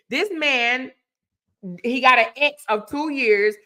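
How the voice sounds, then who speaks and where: A woman's voice: high voice, slow pace, pushed and bright. A woman giving casual, sassy commentary, repeating points for emphasis.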